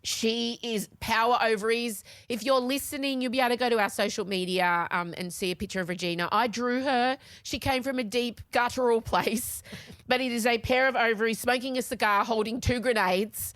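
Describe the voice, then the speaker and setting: A woman's voice: on the high side, fairly even intonation, moderate pace, fairly bright tone, dry recording. A woman in her forties co-hosting a podcast, talking candidly and emotionally while tearful. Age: 40s. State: crying. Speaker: podcast co-host. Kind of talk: casual chat.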